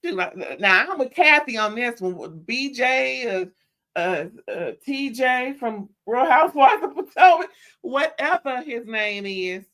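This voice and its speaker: A woman hosting a casual reality TV recap, telling the story in an animated way with slang and playful impressions. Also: fairly high pitch, measured pace.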